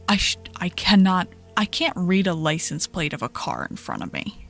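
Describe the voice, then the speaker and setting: A young adult woman streamer telling a story in casual chat, animated and profane, often laughing. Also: lowish voice, normal speed, creaky, faint music behind.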